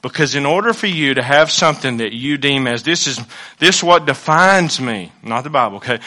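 A male pastor preaching a sermon to his church, swinging from loud exclamations to low, hushed asides. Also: expressive, quick pace.

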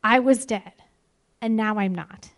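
A woman giving a devotional sermon in an earnest manner, slowing to stress key words. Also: mid-range voice. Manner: earnest, with emphatic slow pauses. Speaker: ministry speaker.

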